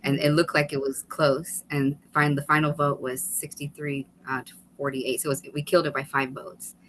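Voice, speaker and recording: A woman guest on a video call webinar, telling an animated story with quick asides and laughter. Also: low-pitched, a little hiss or hum, poor audio. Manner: animated, fast-paced storytelling with laughs and restarts. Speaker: guest, author and former state legislator.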